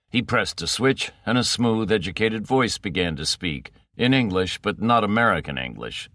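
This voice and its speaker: Low-voiced male audiobook narrator. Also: expressive, unhurried, a bit bright, dry recording, studio quality. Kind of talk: scripted narration.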